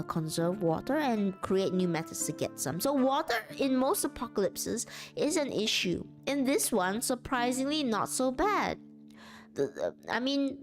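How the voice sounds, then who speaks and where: A woman chatting casually on a live stream, rambling and laughing often. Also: on the high side.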